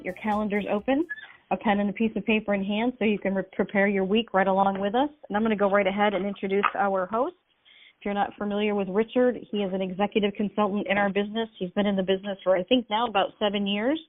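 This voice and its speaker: A woman's voice: medium pitch, darkish tone. A woman co-hosting a call, earnestly reading a prepared introduction of the host. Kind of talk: scripted-sounding introduction.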